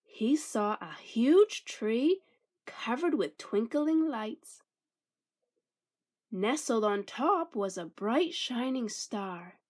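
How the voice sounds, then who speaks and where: A woman reading a children's picture book aloud with an expressive, lilting storytelling manner. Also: fairly high pitch, extremely slow.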